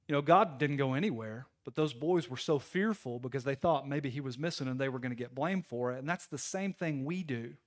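A man, a pastor preaching a sermon in a conversational, storytelling way with sudden loud bursts. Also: on the high side.

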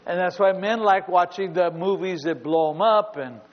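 High-voiced pastor joking from a reverberant church hall. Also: male voice, normal speed, background noise. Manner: humorous, acts out little scenes in asides. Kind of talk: sermon. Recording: dull sound with long hall reverb.

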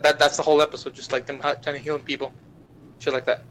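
A man's voice: a little high, a little hiss or hum, rough recording. Young man cursing through an anime recap. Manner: profane, animated retelling with quick voices for characters. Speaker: podcast guest.

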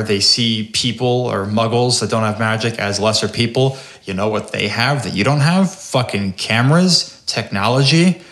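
A man rants through a casual podcast chat, swearing freely and sounding exasperated. His voice sits at an ordinary pitch. It rings a little in a roomy space. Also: a bit bright. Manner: profane, ranting, exasperated. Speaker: podcast host. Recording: roomy echo.

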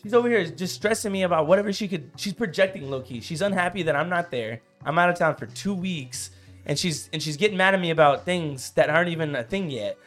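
A man in his thirties co-hosting a casual podcast, telling a story in an animated way, getting loud and worked up, saying "bro" a lot. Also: on the high side, fast talker, faint music behind. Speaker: podcast co-host.

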